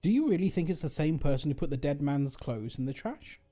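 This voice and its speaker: A man's voice: on the high side, lively intonation, fairly quick, dark tone. A man streaming a video game, chatting casually and thinking aloud, rambling and correcting himself as he goes.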